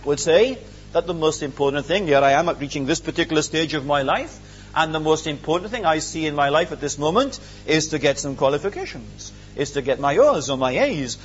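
A man's voice: fairly high pitch, highs cut off, slight background noise. A man preaching a sermon, earnest and emphatic, with many rhetorical questions.

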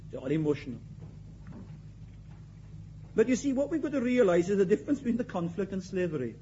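A man preaching a sermon in an emphatic way, repeating his key phrases and swinging between loud and quiet. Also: high-pitched, highs cut off, a little hiss or hum.

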